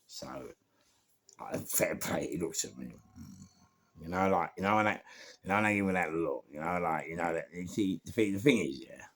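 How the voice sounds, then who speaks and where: A man's voice: deep voice, animated, moderate pace, fairly bright tone. A middle-aged man, telling a rambling, slangy anecdote and repeating himself as he goes. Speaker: storyteller.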